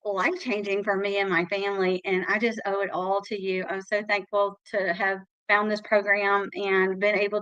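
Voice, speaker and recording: A middle-aged woman with a drawl tells her story in a chatty, heartfelt way, often saying y'all. Her voice sits at a medium pitch. The sound is close and dry, with no room echo. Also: a bit bright. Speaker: guest sharing her success story. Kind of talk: casual testimonial on a live call.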